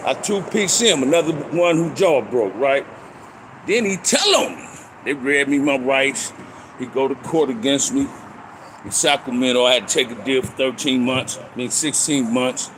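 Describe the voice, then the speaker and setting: A man's voice: mid-range voice, moderate pace. Man telling street stories, noisy city. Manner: street slang, animated retelling of fights. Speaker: storyteller recounting prison life. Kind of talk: casual storytelling monologue.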